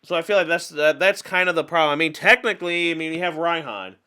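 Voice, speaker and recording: A man giving casual gameplay commentary on a card game, chatty and openly venting his frustrations with animated outbursts. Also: fairly high pitch, fast talker, clean tone. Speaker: gaming channel host.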